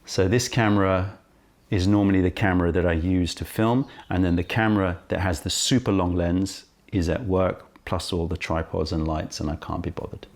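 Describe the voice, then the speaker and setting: A man presenting a casual tea-tasting vlog, highly caffeinated, chatty and full of self-interrupting asides, filmed on a camera right in front of his face. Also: fairly even intonation, normal speed, a little mellow. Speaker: tea shop owner and presenter.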